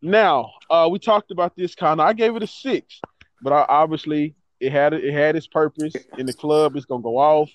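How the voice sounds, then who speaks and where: A man's voice: a little high, normal speed, dry recording, lo-fi sound. A man co-hosting a casual album review chat, hyped and repeating slang as he rates songs. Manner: hyped, repeats "bro" and "fire". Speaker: podcast co-host rating songs.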